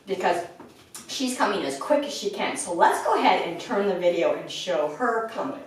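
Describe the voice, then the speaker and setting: A woman dog trainer giving an instructional lesson indoors at home, breaking into a high sing-song voice to praise the dog. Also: expressive, brisk, slight background noise. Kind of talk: instructional talk to camera. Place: indoors in a house. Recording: echoey room, mic at a distance.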